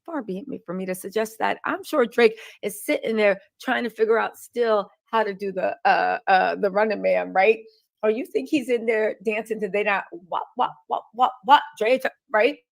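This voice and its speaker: A woman's voice: mid-range voice, normal speed, creaky. A woman co-hosting a live show, reading news items aloud and adding sarcastic, wry asides.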